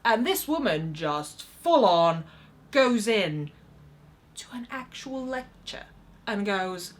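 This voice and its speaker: A woman actress telling self-mocking audition stories to camera in a wry, animated way. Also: mid-range voice, takes it slowly. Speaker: actress vlogger. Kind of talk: casual storytelling to camera.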